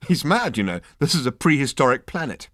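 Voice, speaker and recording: A man's voice: medium pitch, big pitch swings, fairly quick, fairly bright tone, dry recording, clean studio sound, voice pushed up. A man voicing an exasperated, worldly traveller who talks emphatically and sardonically to a crowd of fools. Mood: patient sardonic.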